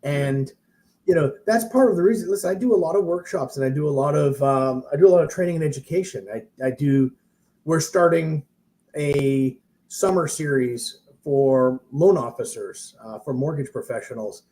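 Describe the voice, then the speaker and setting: Male mortgage trainer, mellow tone, chatty storyteller who circles back on himself. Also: on the high side, moderate pace. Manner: rambling, self-interrupting, animated storyteller. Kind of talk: casual storytelling on a live stream.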